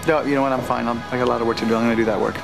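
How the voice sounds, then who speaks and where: A man's voice: medium pitch, steady tone, racing, gravelly, music in the background, natural voice. A man playing a flustered, jealous young man. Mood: calm. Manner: rambling, flustered, repeats himself. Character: anxious, jealous young man arguing with girlfriend. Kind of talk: TV drama dialogue.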